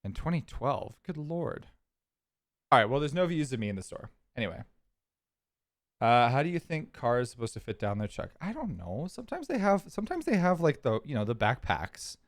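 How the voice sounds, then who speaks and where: A man's voice: mid-range voice, sing-song, moderate pace, dry recording, studio quality. A man from California streaming, telling a story in a casual, rambling, chatty way. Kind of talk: casual chat.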